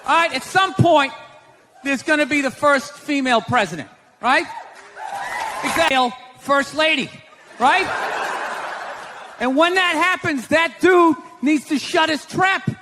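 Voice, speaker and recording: A man's voice: very high voice, unhurried, long pauses. A man doing a stand-up comedy set, ranting and sarcastic with a lot of profanity, in front of a live audience. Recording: live show with loud crowd laughter and room noise.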